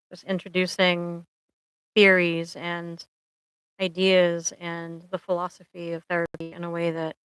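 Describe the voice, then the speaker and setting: A middle-aged woman therapist talks on a live stream in a loose, joking, rambling way, full of ums. Her voice sits fairly low and sounds smooth and resonant. The close mic is dry, with no room sound. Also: a bit bright, no echo, rough recording. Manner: chatty, rambling, humorous, many ums. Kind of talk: casual live-stream chat.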